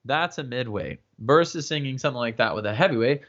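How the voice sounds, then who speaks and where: A man's voice: medium pitch, expressive, fast, few pauses, fairly bright tone. A man teaching singing in a casual livestream, explaining with lots of fillers and checking in with "yeah?" and "right?". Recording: dull lo-fi livestream audio.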